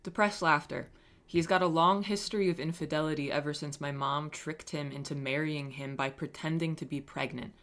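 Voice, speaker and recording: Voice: medium pitch, fairly even intonation, normal speed, few pauses, a bit bright. A streamer chatting casually on a live stream, reading chat messages aloud and answering them with wry, self-mocking humor and frequent swearing.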